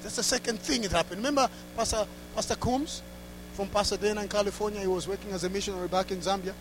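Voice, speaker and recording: A man preaching a sermon through a story, dropping to hushed asides and rising to loud exclamations. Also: sits high, fast, noisy background. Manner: laughs between lines.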